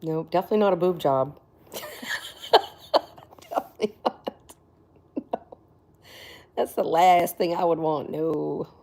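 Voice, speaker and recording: Woman livestream host, lowish voice, casual and chatty, quick laughs, hushed asides. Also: creaky. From Florida. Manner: chatty, laughs often, drops to near whispers. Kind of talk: casual livestream chat with viewers.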